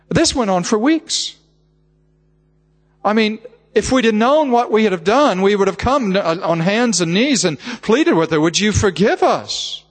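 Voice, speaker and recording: Older male preacher with a high voice in a reverberant hall. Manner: emotional, acts out family dialogue with repeated words. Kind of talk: sermon storytelling.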